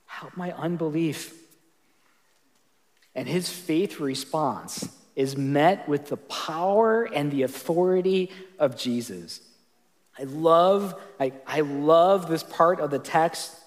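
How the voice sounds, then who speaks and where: A man's voice: a little high, long reverb tail. A man preaching a sermon as pastor, earnest and conversational, often restarting his sentences.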